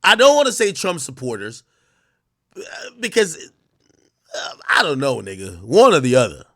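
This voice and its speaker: A man's voice: mid-range voice, wildly swooping pitch, moderate pace, fairly bright tone, no room sound, clean studio sound. A man in his thirties hosting a livestream, ranting to his chat in a profane, mocking way and laughing often. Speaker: livestream host. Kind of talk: casual rant to a live chat.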